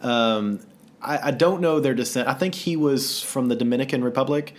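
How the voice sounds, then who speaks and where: A man co-hosting a casual podcast, telling stories with lots of laughter. He's animated, and when he quotes people, he acts out their voices. His pitch sits in the middle of the range. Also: normal speed. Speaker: podcast co-host. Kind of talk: casual storytelling chat.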